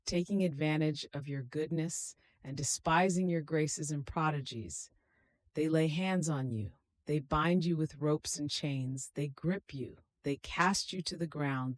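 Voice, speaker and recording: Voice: medium pitch, no room sound. Solemn prayerful reader, dry close sound. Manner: slow, solemn, meditative. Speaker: devotional reader. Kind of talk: prayerful devotional reading.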